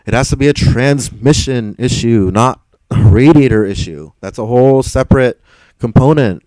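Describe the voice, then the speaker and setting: Frustrated rambling man, dark dry voice. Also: mid-range voice, normal speed, dry recording, rough recording. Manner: frustrated, rambling, swears, stammers and repeats words. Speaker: live streamer reading chat. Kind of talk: casual rambling live stream talk.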